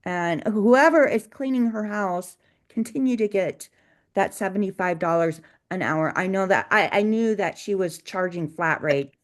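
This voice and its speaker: A woman's voice: mid-range voice, moderate pace. A woman who runs a cleaning business, co-hosting a casual podcast and telling stories from work in a chatty way, with many restarts. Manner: chatty storytelling with frequent restarts and laughs. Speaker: cleaning business owner, co-host.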